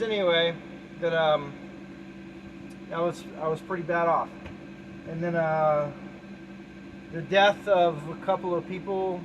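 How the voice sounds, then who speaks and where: A man's voice: on the high side, background noise. A middle-aged man talking casually and candidly about his music in a small shed studio, rambling with many restarts and fillers. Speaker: musician explaining his album. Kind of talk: casual talk to camera, track by track. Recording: music playing clearly behind the voice.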